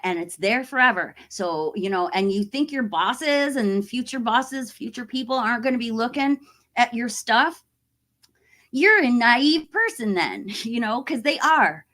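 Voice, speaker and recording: Animated woman in casual vlog chat. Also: a little high, measured pace. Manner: animated, acts out quoted voices. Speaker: horror YouTuber.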